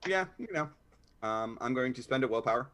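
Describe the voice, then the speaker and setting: A man's voice: medium pitch, expressive, fairly quick, a bit bright. A man playing in a tabletop role-playing game, talking casually and easygoing about his character's actions. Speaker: player.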